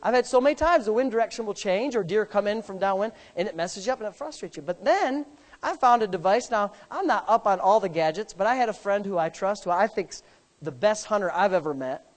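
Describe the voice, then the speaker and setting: A man's voice: expressive, brisk. Folksy preacher man in echoing hall. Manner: swings between loud preaching and low storytelling; folksy, repeats himself, many restarts. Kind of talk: sermon with hunting story. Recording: long reverb of a large hall.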